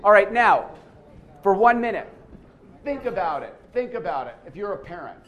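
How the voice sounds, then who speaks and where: A man with a slightly high voice runs a quiz for a seminar audience in a conference room. He talks in an animated lecture style, asking questions, calling on people and repeating words as he thinks. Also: normal speed, a little hiss or hum. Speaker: seminar speaker running a quiz.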